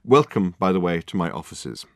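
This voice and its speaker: A man doing a pompous, self-important detective, theatrical and loud, swooping up high, dry close audiobook sound. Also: sing-song, moderate pace, no room sound. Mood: grandiloquent. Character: pompous, grandiloquent male detective.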